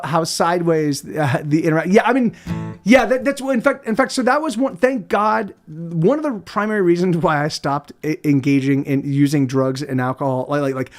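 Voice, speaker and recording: A man chatting casually on his livestream as a musician, rambling and swearing with many restarts. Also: on the high side. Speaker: musician streamer.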